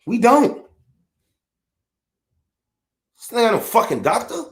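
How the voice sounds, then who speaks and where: A man's voice: very high-pitched, big pitch swings, quick pace. A middle-aged man from Chicago with a Chicago accent, ranting bluntly and profanely on his podcast. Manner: profane, blunt, heated, repetitive. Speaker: podcast host. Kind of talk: unfiltered rant. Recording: echoey room.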